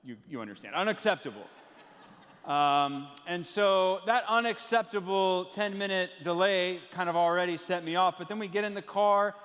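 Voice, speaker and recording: High-voiced pastor preaching in a reverberant hall. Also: male voice, normal speed, fairly bright tone. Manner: storytelling, playful asides to the congregation. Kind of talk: sermon. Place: church sanctuary with live congregation.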